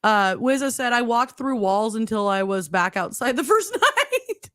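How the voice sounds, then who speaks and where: A woman hosting a casual live-stream chat, upbeat and quick to laugh, reading out viewer comments. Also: fairly high pitch, big pitch swings, a bit bright, no echo, studio quality. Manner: upbeat, laughs often, short reactions.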